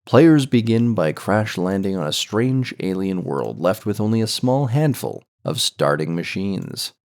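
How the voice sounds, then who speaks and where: A man's voice: low voice, very animated, unhurried, vocal fry, a little mellow. A man hosting a gaming podcast in easygoing casual chat, reading out game details. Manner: easygoing, reads game info aloud. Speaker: podcast host.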